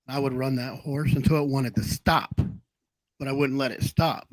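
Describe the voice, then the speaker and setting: A man's voice: mid-range voice, fairly even intonation, normal speed, no room sound, low-quality recording. A man hosting a casual livestream chat, telling long rambling anecdotes. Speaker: livestream host.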